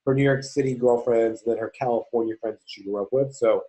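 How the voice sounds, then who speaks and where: A man's voice: mid-range voice, steady tone, fast talker, dark tone, rough recording. Joking man chatting on a podcast. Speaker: podcast co-host. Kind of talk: casual chat.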